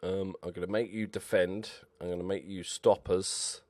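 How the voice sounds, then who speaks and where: A man commentating over his own football management game, excitable and swearing at his players. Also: low voice, normal speed, no room sound. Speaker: gaming YouTuber. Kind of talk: Let's Play commentary.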